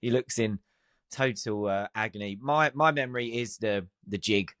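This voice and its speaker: A man hosting a podcast, talking in a lively chatty way and laughing often. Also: lowish voice, normal speed, dry recording, studio quality. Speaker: podcast host. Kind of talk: casual chat.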